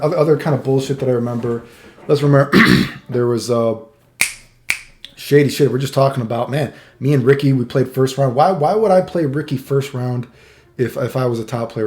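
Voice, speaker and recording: A middle-aged man telling stories in a casual monologue, swearing a lot and acting out the quotes with laughter. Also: medium pitch. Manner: profane, animated, acts out quotes with laughs. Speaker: streamer telling fighting game stories.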